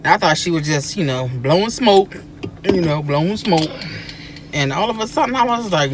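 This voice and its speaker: A woman telling family stories to her sister in a casual chat inside a car, animated and acting out what people said. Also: on the low side, normal speed. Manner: animated, acts out quoted speech. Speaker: guest, host's sister.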